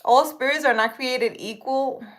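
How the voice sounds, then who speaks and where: Chatty woman with a fairly high voice. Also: unhurried, a bit bright. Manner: rambling, chatty, with many fillers and restarts; reads viewer comments aloud and answers them. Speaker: spiritual healer. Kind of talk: casual chat to viewers.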